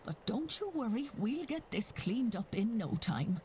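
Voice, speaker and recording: An actress voicing a reassuring housekeeper in a mystery game. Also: female voice, fairly high pitch, very animated, unhurried, mellow, slight background noise.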